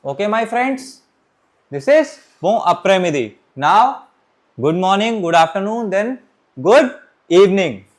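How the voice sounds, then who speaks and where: A man teaching a beginners' French class, talking his students through the lesson and often pausing to say "okay, my friends". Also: sits high, expressive. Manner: repeats "okay, my friends", restarts and pauses while writing. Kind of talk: classroom lecture.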